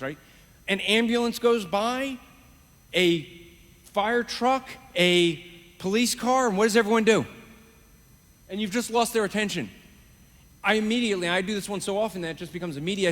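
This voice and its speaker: Man, high register, energetic live-demo teacher; reverberant hall sound. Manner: animated, talks fast with quick restarts. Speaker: evangelism trainer. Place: conference stage.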